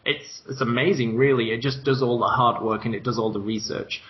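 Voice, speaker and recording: A man's voice: medium pitch, fairly even intonation, brisk, muffled recording. A man co-hosting a podcast, explaining ideas in an enthusiastic, talkative way. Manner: enthusiastic, explanatory, laughs lightly. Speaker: co-host. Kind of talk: conversational business podcast.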